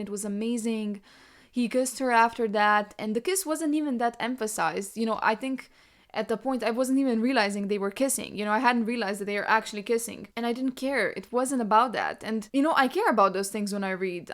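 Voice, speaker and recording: A woman hosting a book podcast, chatting emotionally and gushing about a novel. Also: a little high. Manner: gushing and emotional, reading quotes aloud. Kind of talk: casual book review chat.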